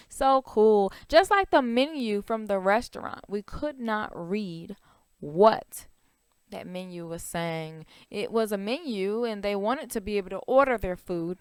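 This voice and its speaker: A woman's voice: medium pitch, smooth, no echo, studio quality. A woman teaching a children's phonics lesson, stretching out vowel sounds and asking the class questions.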